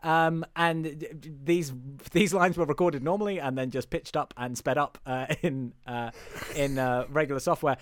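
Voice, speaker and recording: Casual male podcast host, rambling and joking, fairly high voice, dry close sound. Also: fairly even intonation, moderate pace, dry recording. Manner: rambling, with many fillers, swears and laughs. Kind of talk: casual chat reviewing a film.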